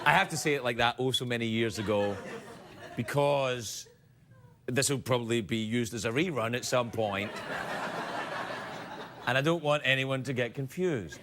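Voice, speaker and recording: A man's voice: medium pitch, moderate pace, noisy background. A man hosting a late-night talk show, joking and rambling through a comic monologue and viewer emails. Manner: joking, rambling, animated delivery. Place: television studio with live audience. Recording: broadcast studio with loud audience laughter.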